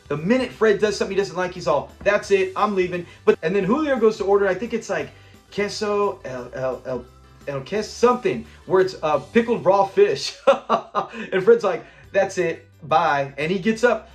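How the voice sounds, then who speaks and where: A man hosts a casual breakdown of a classic sitcom episode. He talks with enthusiasm in a fairly high voice and slips into the characters as he quotes them. Soft music plays underneath. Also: lively intonation, normal speed. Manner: enthusiastic, acts out quoted lines. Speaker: show host.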